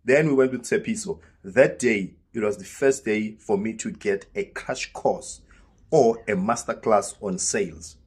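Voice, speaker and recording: A man's voice: fairly low pitch, a little slow, slightly rough. A South African man casually telling a personal story, acting out the dialogue as he goes. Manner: lively storyteller who acts out quoted dialogue. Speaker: vlogger.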